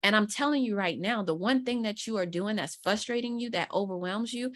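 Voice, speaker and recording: Woman, lively storyteller, acts out quotes, casual interview talk. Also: medium pitch, fairly quick. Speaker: guest mentor, content strategist.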